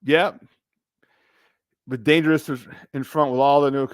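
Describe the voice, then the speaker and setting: A middle-aged man hosting a live sports talk stream, animated and emphatic, repeating his points and greeting viewers by name. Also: on the high side, measured pace, no room sound, studio quality. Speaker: sports talk show host.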